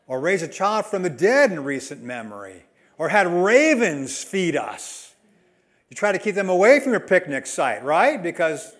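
A man preaching a sermon as a pastor, emphatic, swinging between loud and soft delivery. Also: fairly high pitch.

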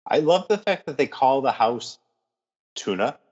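A man co-hosting a casual podcast, relaxed and thinking aloud as he talks. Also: mid-range voice, unhurried, lo-fi sound. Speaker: podcast co-host. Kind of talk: casual chat.

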